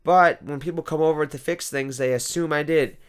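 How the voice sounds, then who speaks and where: A man hosting a comedy vlog, ranting in a rambling, exasperated monologue that swings between loud outbursts and quiet asides. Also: fairly high pitch, fairly even intonation, brisk, clear, resonant tone.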